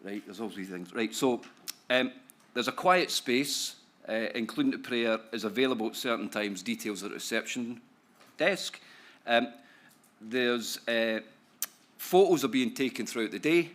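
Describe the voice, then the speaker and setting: A man's voice: mid-range voice, moderate pace, fairly bright tone. A Scottish man from Scotland, an economist speaking to a conference audience in a chatty, joking way with many tag questions. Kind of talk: conference talk to a live audience. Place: conference hall.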